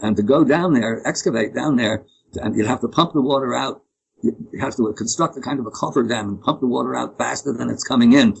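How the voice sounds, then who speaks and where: Interview guest: man, husky tone, opinionated, rambling. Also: mid-range voice, fairly quick, low-quality recording. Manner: opinionated, rambling with frequent restarts. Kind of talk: conversational interview.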